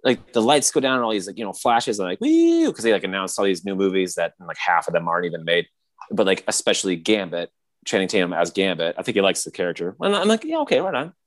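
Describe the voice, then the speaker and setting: A man chatting casually on a podcast, rambling with lots of fillers and excited retellings. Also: sits low, fast. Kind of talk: casual chat.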